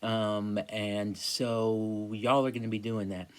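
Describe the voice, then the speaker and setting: A man lecturing a class, halting, with many fillers and restarts. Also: on the low side, flat delivery, clear, resonant tone. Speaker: teacher.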